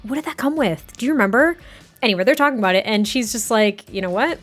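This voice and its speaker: A woman's voice: on the high side, expressive, quick pace, fairly bright tone, faint music behind. A young woman gaming creator giving casual, rambling commentary, chatty and giggly with lots of fillers.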